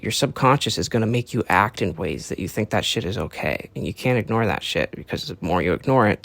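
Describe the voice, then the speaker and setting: A young man with a low, gravelly voice, recorded close and dry. He rambles through his own podcast monologue, swearing casually. He lectures in an earnest tone. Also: dry recording. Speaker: podcast host.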